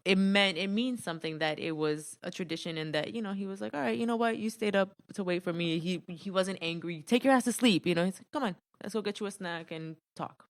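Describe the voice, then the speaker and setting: Low-voiced woman telling a story casually. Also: steady tone, brisk, hardly any pauses, no echo, clean studio sound. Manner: storytelling, laughs often, says "you know" a lot. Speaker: guest. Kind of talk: casual podcast chat.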